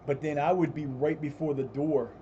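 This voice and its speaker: A man spins long, rambling stories on a live stream, his voice mellow and darkish. He restarts sentences often and swears freely. The audio is slightly dull, with a faint hiss behind him. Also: a little high, steady tone, moderate pace. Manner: baby talk to his cat. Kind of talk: casual storytelling while gaming.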